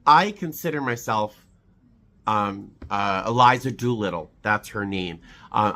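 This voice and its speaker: This vlogger's voice sits on the low side, bright and forceful. Tearful, he reads holiday cards aloud and reminisces on his channel, his sentimental chat full of fillers and false starts.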